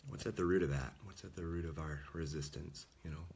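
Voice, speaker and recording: Low-voiced man, gravelly fry, casual earnest sermon, slips into whispers, faint background hiss. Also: fairly even intonation, brisk, darkish tone. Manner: earnest, informal, often drops to a whisper. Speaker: Catholic speaker.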